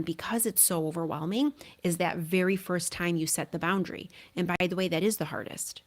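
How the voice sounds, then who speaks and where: Woman, middle-aged, parenting podcast host, lowish voice, earnest chatty advice. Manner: earnest, conversational, often asks "right?". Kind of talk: solo podcast advice talk.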